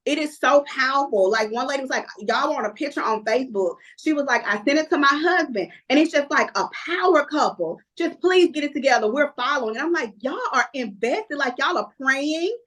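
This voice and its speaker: A woman, talking as a guest in a casual interview. Her voice is high and swings widely as she tells stories. She acts out the people in them with lively energy. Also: brisk, few pauses. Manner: lively storyteller, acts out other people's lines. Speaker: reality TV cast member, guest. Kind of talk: casual interview chat, storytelling.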